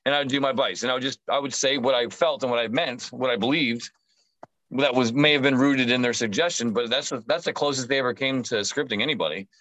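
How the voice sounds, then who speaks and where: A man who talks fast and swears constantly, a profane tattoo artist spinning animated anecdotes on a podcast. His medium voice is recorded close and dry. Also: mid-range voice, dry recording, poor audio. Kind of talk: casual storytelling chat.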